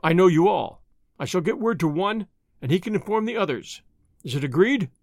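A bold masked highwayman, voiced by a man reading a storybook lectures with lofty scorn. The voice sits high and swings widely in pitch. The sound is dry and close. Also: animated, normal speed, no room sound. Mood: commanding.

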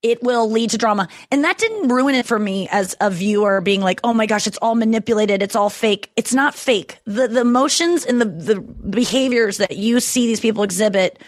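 A woman in her thirties chatting casually as a podcast guest, telling stories in an animated way with quick asides. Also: fairly high pitch, dry recording. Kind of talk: casual chat.

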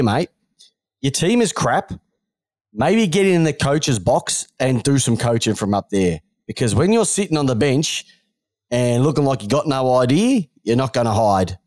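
An Australian man co-hosting a podcast, bantering bluntly and mockingly about football. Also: medium pitch. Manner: blunt, mocking, animated ranting. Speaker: podcast co-host. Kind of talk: casual sports banter.

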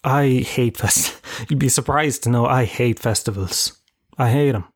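A man's voice: medium pitch, a little slow, slightly rough, no room sound, clean studio sound. An Irish man in his thirties hosting a solo podcast, telling rambling, profane, self-mocking stories in casual chat. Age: 30s. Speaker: podcast host.

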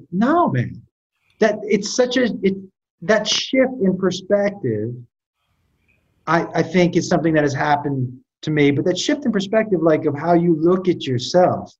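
A high-pitched, slightly mellow man's voice comes through in lo-fi sound. He's a podcast guest telling stories in casual conversation, animated but often stammering and restarting.

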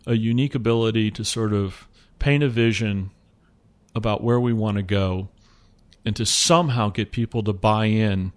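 A man who runs a company, talking casually in an interview, relaxed and rambling with lots of fillers. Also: on the low side, moderate pace. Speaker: company CEO.

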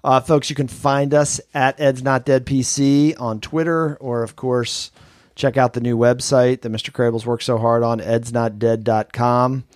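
A man's voice: mid-range voice, level tone, measured pace, no room sound, studio quality. A man co-hosting a podcast in casual chat, upbeat and teasing as he steers the show. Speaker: podcast co-host.

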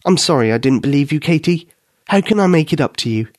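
A man's voice: a little high, expressive, fast talker, dry recording, pitched above the performer's own voice. A sulky young boy in a bedtime storybook, played by a male narrator. He sounds sheepish and a bit stubborn, and his voice moves up and down. It is close and dry. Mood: apologetic.

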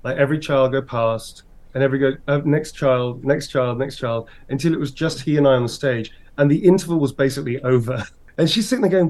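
A man, an actor and interview guest, telling lively anecdotes and acting out the voices of the people in them. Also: medium pitch, fast talker. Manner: lively, animated storyteller who acts out voices. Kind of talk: interview storytelling.

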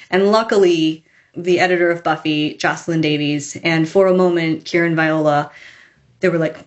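A woman author telling stories in a casual interview, chatty and animated, acting out quotes as she goes. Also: low-pitched, normal speed. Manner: chatty, animated storytelling with laughs and acted quotes. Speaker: author, podcast guest.

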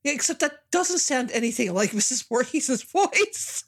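Laughing, lively woman podcast co-host. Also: high voice, normal speed, slightly rough. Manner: laughs often, playful. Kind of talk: casual movie commentary chat.

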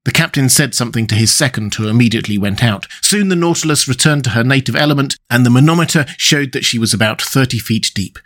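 A man narrating a classic adventure novel as an audiobook. His reading is measured and steady, pitched in an ordinary middle range.

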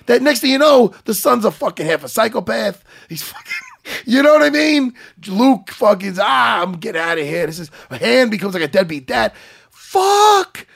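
A man co-hosting a podcast in casual chat, excitable and emotional, swearing and laughing often as he talks. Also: very high voice, moderate pace, creaky, husky. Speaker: podcast co-host.

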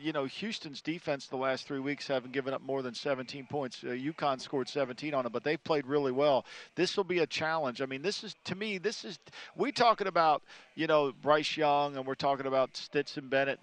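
A man's voice: on the high side, a bit bright. A man analyzing college football in casual talk, emphatic and repeating "I think".

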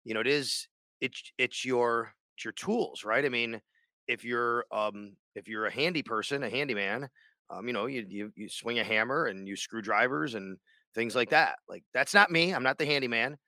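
Male sports radio host, bright dry voice, rambling casual podcast chat. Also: mid-range voice, moderate pace, no echo. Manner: rambling, many restarts and fillers.

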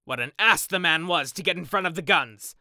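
A man voicing a hearty, brusque aristocratic gentleman hunter, raised and indignant, in an audiobook reading. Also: medium pitch, lively intonation, moderate pace, clear, resonant tone, dry recording, studio quality. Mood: alarmed, angry. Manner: blustering, indignant.

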